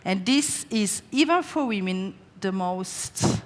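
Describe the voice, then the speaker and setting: A woman's voice: medium pitch, animated, slow. A woman chef, a native Slovene speaker, doing a live stage cooking demo and telling stories in a chatty way, with lots of fillers and restarts. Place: large hall on a stage. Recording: live hall with long reverb.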